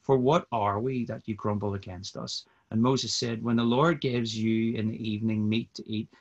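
A man's voice: lowish voice, fairly even intonation, normal speed, lo-fi sound. A man who is a podcast guest, chatting easily and reading scripture steadily over a video call. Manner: easygoing, reads scripture steadily. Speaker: podcast guest, mission partner. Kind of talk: casual chat and scripture reading.

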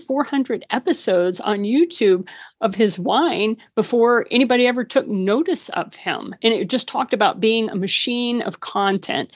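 A woman's voice: fairly high pitch, no room sound, clean studio sound. A woman talking frankly and practically as a podcast guest, with a touch of self-deprecation. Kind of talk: casual podcast conversation.

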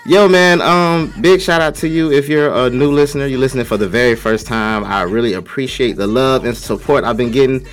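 A young man hosting a radio show, talking loudly and with lots of hype as he gives shout-outs to his listeners. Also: mid-range voice, fairly quick, hardly any pauses. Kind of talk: casual radio show talk.

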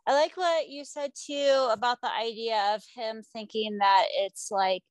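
A woman's voice: on the high side, steady tone, unhurried, no echo. A woman in a study group, speaking casually and tentatively, with frequent "like". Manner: tentative, says like often. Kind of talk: casual discussion.

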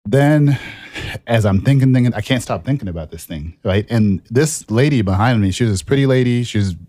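A man co-hosting a podcast, telling a personal story in a relaxed, animated way and laughing at himself as he goes. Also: medium pitch, brisk, no echo. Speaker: podcast co-host. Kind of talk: casual storytelling chat.

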